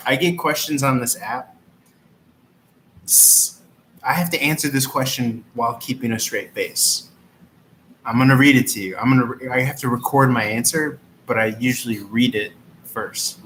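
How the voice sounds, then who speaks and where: A man's voice: medium pitch, normal speed, fairly bright tone, a little hiss or hum, low-quality recording. A swearing, giggly man reading tarot. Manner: swears often, breaks into laughter while trying to stay serious; reads a listener question aloud over and over. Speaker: tarot reader. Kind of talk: casual live-stream tarot reading.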